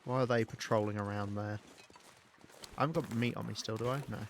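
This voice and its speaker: A man's voice: fairly low pitch, steady tone, brisk, a little hiss or hum. A man with a British accent giving casual, chatty gameplay commentary as a livestreamer, talking to his chat and swearing now and then. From United Kingdom.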